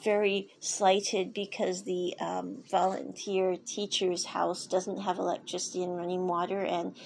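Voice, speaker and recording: A woman's voice: fairly low pitch, level tone, a little slow, gravelly, darkish tone, a little hiss or hum. A woman casually recapping a story, rambling and digressive with many fillers and restarts. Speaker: show recapper.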